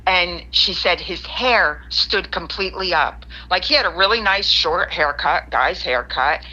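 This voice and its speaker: Lively storyteller woman on a dull line. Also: lowish voice, unhurried. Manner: animated storytelling, quoting her friend in lively asides. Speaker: guest caller. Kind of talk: telling a paranormal story.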